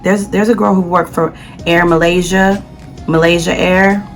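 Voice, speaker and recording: A young adult woman telling a casual travel story in a chatty, animated way, full of slang and dramatic asides. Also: fairly low pitch, normal speed, soft background music, low-quality recording. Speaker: vlogger.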